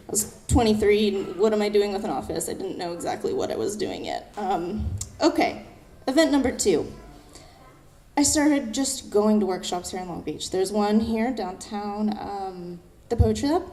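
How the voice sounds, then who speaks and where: A young woman poet giving a lively talk to a live audience, acting out what others said and reading her own poem. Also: medium pitch. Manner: animated, fast-talking, acts out quoted voices. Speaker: poet and speaker.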